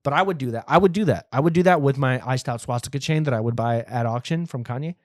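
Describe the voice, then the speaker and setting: A man's voice: medium pitch, quick pace, dry recording, studio quality. A young adult man hosting a comedy podcast, riffing in a profane, rambling monologue that acts out imagined scenes.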